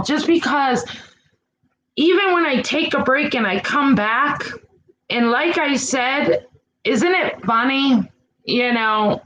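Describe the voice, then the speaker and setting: A woman's voice: fairly high pitch, a bit bright, poor audio. A middle-aged woman hosting her own channel, talking frankly and with exasperation to her chat viewers, with some mild swearing. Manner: slow and drawn out. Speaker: YouTube channel host. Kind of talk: casual chat to live chat viewers.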